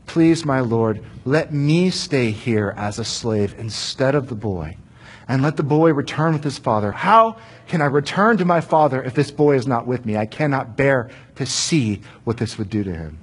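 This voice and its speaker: A man's voice: medium pitch, lively intonation, normal speed, husky. A man voicing a humbled grown brother pleading earnestly before a ruler. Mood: begging.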